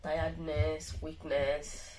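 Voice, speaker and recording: A woman's voice: deep voice, flat delivery, slow pace, darkish tone, a little hiss or hum, rough recording. Weary woman rambling through a sick-day vlog. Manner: rambling, repeats words and restarts often. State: weak and tired from illness. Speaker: vlogger. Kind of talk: casual vlog monologue.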